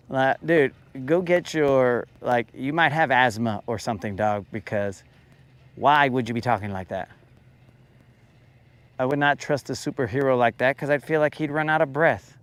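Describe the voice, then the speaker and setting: A man's voice: mid-range voice, normal speed, clean tone. A man hosting a fishing podcast, ranting jokingly and rambling in a casual livestream, keeps calling his listeners bro. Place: boat on a lake, outdoors.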